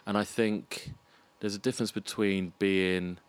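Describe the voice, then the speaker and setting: Deep-voiced reflective man. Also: measured pace, clean tone. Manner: reflective, restarts and lists ideas, animated about music. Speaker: podcast guest, freelance arts producer. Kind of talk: casual conversation.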